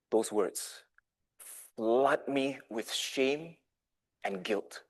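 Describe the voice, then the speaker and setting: A man in his thirties giving a dramatic storytelling speech with big swings in volume. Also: mid-range voice. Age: 30s. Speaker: club speaker.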